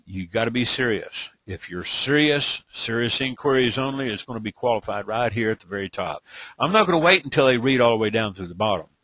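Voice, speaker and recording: A man's voice: medium pitch, expressive, fairly quick, sharp tone, no room sound. A man giving a live webinar training, blunt and emphatic, speaking in bursts and checking in with frequent "okay?". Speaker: online business trainer.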